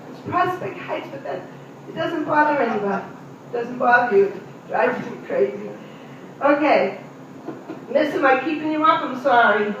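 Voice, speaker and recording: The recording is distant, echoey, and muffled, with a little hiss or hum, capturing a middle-aged woman's stand-up routine at a live venue. She chats straight with the audience in a high, fairly bright voice.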